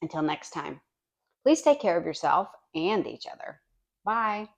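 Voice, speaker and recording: A woman's voice: fairly low pitch, big pitch swings, measured pace, gravelly. A woman vlogger chatting casually in her home kitchen as she bakes and tastes, talking with her mouth full now and then. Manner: chatty and homey, talks while tasting. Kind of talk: casual cooking demonstration.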